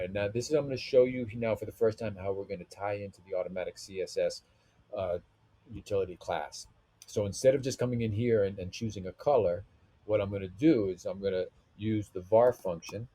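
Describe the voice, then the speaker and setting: A man's voice: lowish voice, mellow, slightly rough. A man narrating a screen-recorded web design tutorial, thinking aloud as he clicks through menus and settings.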